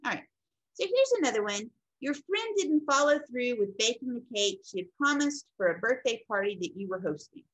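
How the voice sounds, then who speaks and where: A woman's voice: fairly high pitch, moderate pace, low-quality recording. A woman lecturing on counseling in an informal teaching style, acting out quoted people as she goes. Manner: animated, acts out quoted people. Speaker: counseling instructor.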